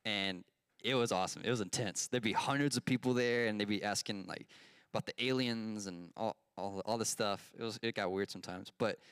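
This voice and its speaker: A man's voice: on the low side, a little fast, a bit bright, clean tone, no echo, clean studio sound. A man teaching a casual Bible lesson, asking his group questions and telling a personal story with many fillers.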